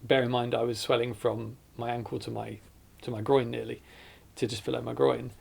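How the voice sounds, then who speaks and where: A man's voice: medium pitch, little pitch movement, brisk, gravelly, darkish tone, slightly rough. A man, earnestly recounting his hospital ordeal in a documentary interview, often correcting himself as he goes. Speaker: survivor telling his story.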